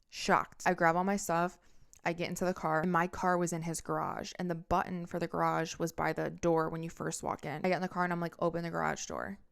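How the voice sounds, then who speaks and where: A woman's voice: sits low, vocal fry, clear, resonant tone. A young woman hosting a podcast, telling a personal story in a candid, intense monologue full of swearing. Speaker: podcast host.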